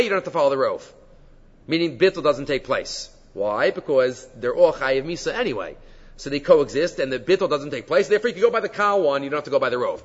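A man with a somewhat high voice teaches a Talmud class, talking in an animated way and weaving in Hebrew and Aramaic terms. The recording is dull and muffled. His voice carries a long reverb, as in a large hall.

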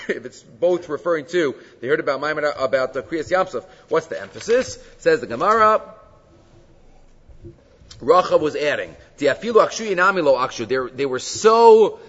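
Male Talmud teacher, slightly higher voice, explanatory lecture style mixing Hebrew terms into English, dull lo-fi recording. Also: animated, moderate pace, a bit bright. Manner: explains texts, frequent rhetorical "right?". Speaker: Torah teacher. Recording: dull lo-fi sound with long hall reverb.

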